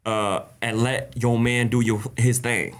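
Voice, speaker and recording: A man hosting a live stream Q&A, reading viewer questions aloud and answering them with blunt, animated advice, laughing often and greeting chatters by name. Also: medium pitch, takes it slowly. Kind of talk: casual live-stream chat.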